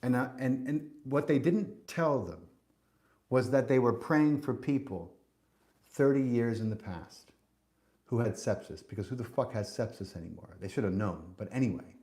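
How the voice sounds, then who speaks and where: Male podcast host, mid-pitched, preachy and emphatic, swears freely. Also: animated, normal speed, darkish tone. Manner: emphatic, preachy, profane, with frequent restarts. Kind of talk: spiritual podcast monologue.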